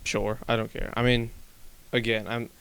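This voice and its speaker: A man's voice: mid-range voice, normal speed, gravelly, clean tone, no room sound. A young man hosting a podcast, chatting casually and rambling with lots of swearing. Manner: rambling, animated, swears a lot. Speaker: podcast host. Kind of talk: casual chat.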